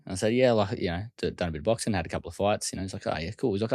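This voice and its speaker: A deep-voiced Australian man tells a story at a brisk pace. He talks casually and slips into quick quoted voices for other people. The sound is dry and close. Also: no echo. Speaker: guest.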